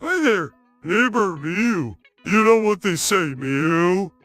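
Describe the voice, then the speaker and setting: A synthetic male voice imitating a dim-witted cartoon starfish that talks slowly and repeats himself. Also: mid-range voice, big pitch swings, a bit bright, faint music behind. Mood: dopey. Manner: slow, repetitive chanting.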